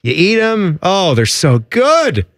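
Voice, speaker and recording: A man's voice: high-pitched, wildly swooping pitch, slow pace, a bit bright, no room sound, clean studio sound. A man co-hosting a radio talk show, describing things with eager enthusiasm and a rambling, filler-heavy way of talking. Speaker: radio co-host. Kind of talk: casual radio banter.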